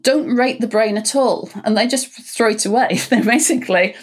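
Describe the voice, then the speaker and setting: A woman's voice: a little high, moderate pace. A woman Egyptologist in a podcast interview, explaining in a chatty way and often restarting her sentences. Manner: chatty, restarts often, laughs between points. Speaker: Egyptologist answering listener questions. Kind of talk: conversational expert explanation.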